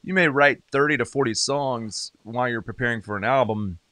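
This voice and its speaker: A middle-aged man from South Carolina with a light Southern accent, talking as a podcast guest in his home studio, chatty and animated with frequent restarts. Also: mid-range voice, fairly quick, no room sound. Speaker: guest, singer-songwriter and radio DJ. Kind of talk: casual interview chat.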